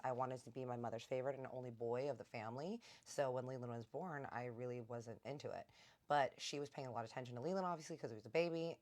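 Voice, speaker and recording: Very deep-voiced woman telling a story. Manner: retells dialogue with "I was like" and "he's like"; chatty, addresses viewers directly. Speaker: storytime host. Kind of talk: casual storytime narration.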